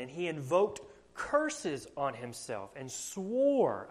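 A man's voice: a little high, big pitch swings, extremely slow. A man with a Southern US accent preaching a sermon, earnest and full of rhetorical questions. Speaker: pastor.

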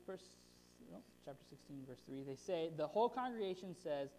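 Speaking fairly quickly at a middle pitch, a chatty preacher gives an animated, casual sermon packed with rhetorical check-ins. A long hall reverb surrounds the voice, along with a faint hiss or hum.

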